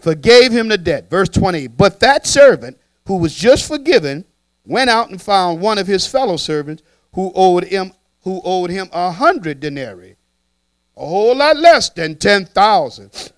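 A man preaching a sermon, animated and playful, trading lines with his congregation in a church. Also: high-pitched, unhurried, no echo. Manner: animated, playful, talks back and forth with the congregation.

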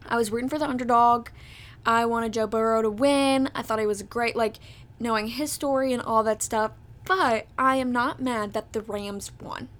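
Bubbly chatty young woman, bright pitch. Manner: bubbly, chatty, many "like" and "literally". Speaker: podcast host. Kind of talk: casual chat.

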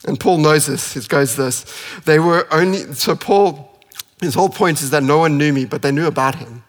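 A man preaching a sermon with impassioned delivery, climbing to emphatic peaks and dropping to soft, quiet passages. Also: on the high side, moderate pace. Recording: long hall reverb.

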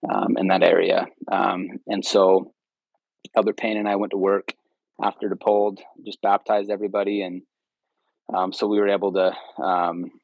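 A man's voice: fairly low pitch, no echo, rough recording. A man, a podcast guest, telling stories in a casual, rambling way with many ums. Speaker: podcast guest, returned missionary. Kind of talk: casual storytelling interview.

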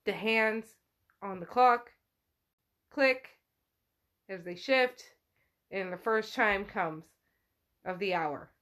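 Chatty woman podcast host, slow-spoken. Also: medium pitch, fairly bright tone. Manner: chatty, peppered with "like". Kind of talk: casual retelling of a novel.

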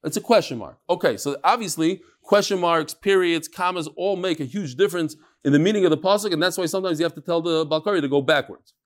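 Man, study-group teacher, fairly high voice, chanting and explaining. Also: fast, hardly any pauses. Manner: chanting and explaining texts, many restarts, joking asides. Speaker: Talmud teacher. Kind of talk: casual study-group lecture.

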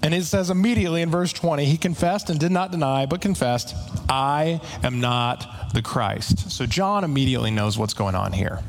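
Casual, slightly high-voiced male preacher. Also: animated, a little hiss or hum. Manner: casual, retells scripture in everyday slang with quick asides. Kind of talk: conversational sermon.

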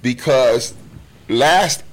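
A man's voice: mid-range voice, drawn-out words. A man co-hosting a podcast, giving relationship advice in a laid-back casual chat and often saying "you know what I'm saying". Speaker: podcast co-host.

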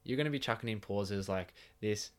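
A man's voice: fairly low pitch, a little fast, clear, resonant tone. A man with an Australian accent co-hosting a laid-back podcast from a home bedroom, blunt and casual, swearing freely. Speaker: podcast co-host.

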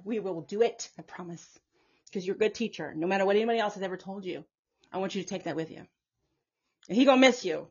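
A woman's voice: mid-range voice, breathy edge, highs cut off. A woman delivering an impassioned, profane preaching monologue as a self-styled prophetess, emphatic and repetitive.

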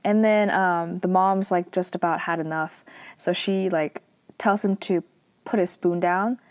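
A woman's voice: fairly low pitch, fairly even intonation, unhurried, darkish tone, no room sound. A woman casually recapping a drama episode, chatty and full of fillers.

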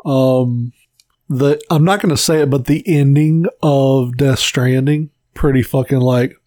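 Male podcast co-host, mid-pitched voice, animated and profane storyteller, dry close mic. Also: measured pace, no room sound. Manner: swears freely, animated storyteller. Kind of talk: casual chat.

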